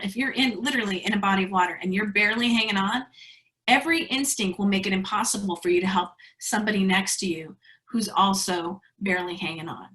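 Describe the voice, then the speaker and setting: Bright-voiced woman giving a webinar talk. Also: medium pitch, poor audio. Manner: conversational storytelling with fillers. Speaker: speaker at an educators' webinar. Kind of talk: online presentation. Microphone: video call.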